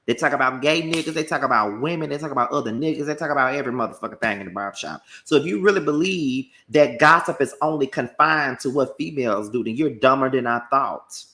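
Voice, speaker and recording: A man delivering a combative, profane commentary rant packed with rapid-fire rhetorical questions. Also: on the high side, fairly bright tone. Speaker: commentary YouTuber.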